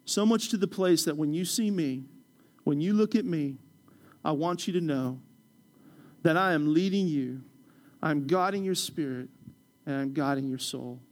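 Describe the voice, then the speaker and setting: A man pastor preaching a passionate sermon in a church, swinging from loud urgent calls to quiet prayer. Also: fairly high pitch, unhurried. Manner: impassioned preaching, rising loud then dropping soft.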